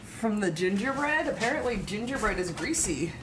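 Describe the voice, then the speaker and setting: A woman's voice: mid-range voice, sing-song, normal speed. A woman hosting a baking live stream from her home kitchen, chatting casually and playfully while she reads out the steps and jokes along. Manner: playful, joking, narrates the steps. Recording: noisy live-stream audio.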